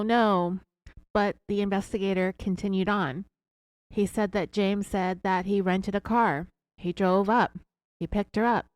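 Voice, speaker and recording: A woman hosting a podcast, retelling a true crime case in a measured way with her own asides. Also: mid-range voice, no room sound. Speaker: podcast host.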